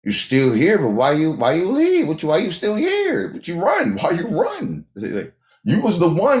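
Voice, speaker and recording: A man hosting a livestream in a loose, off-the-cuff monologue. He talks emphatically, repeating his points and throwing rhetorical questions at the chat, with a lively, swooping pitch. The sound is echoey, as if from a bare room. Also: normal speed. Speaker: livestream host.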